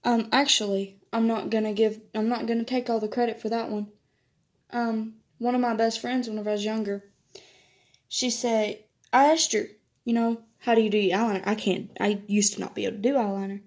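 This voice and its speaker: In a relaxed makeup vlog, a teenage girl talks fairly quickly in a level, slightly mellow voice as she tells stories. She's chatty and quick to laugh, switching to a higher voice to quote others.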